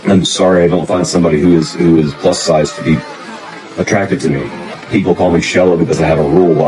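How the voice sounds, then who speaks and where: A man with a very deep voice rants straight to camera, blunt and intense, with swearing peppered through every sentence. Loud music plays under the clip. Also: steady tone, fast talker, poor audio. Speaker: dating content creator. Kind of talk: ranting to camera.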